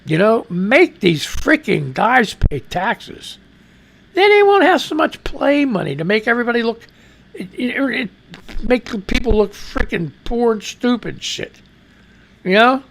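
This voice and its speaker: A man's voice: very high voice, sing-song, unhurried, vocal fry, a bit bright. A man hosting a live radio news show, rambling and reading listener comments with profane asides and an American accent. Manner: rambling, profane, exclaiming and laughing.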